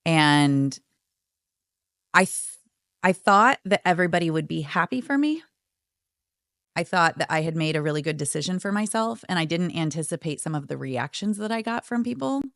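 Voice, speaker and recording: Woman, podcast guest, gravelly low voice, reflective storytelling, dry close recording. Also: animated, normal speed, a bit bright, dry recording. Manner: reflective, acts out quoted friends and therapist. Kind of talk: candid storytelling.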